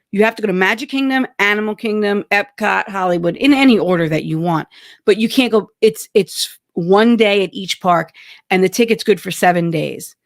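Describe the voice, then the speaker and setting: A woman's voice: mid-range voice, no room sound, studio quality. A middle-aged woman co-hosting a podcast, chatting casually, correcting herself as she goes and laughing often. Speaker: podcast co-host. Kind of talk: casual chat.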